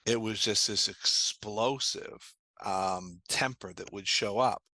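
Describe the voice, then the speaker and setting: A man's voice: fairly low pitch, slow pace, pushed and bright, no echo. A man being interviewed as a trauma therapist, explaining earnestly and telling anecdotes in a conversational way.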